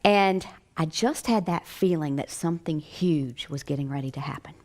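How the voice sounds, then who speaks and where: An American woman, a chiropractic doctor, telling a personal story in a lively way with frequent laughter. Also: sits low, moderate pace.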